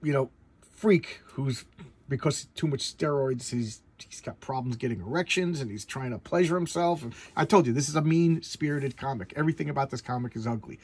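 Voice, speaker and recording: A man's voice: mid-range voice, fairly quick, darkish tone, slightly rough. A man giving casual comic book commentary, rambling with stumbling restarts and blunt opinions.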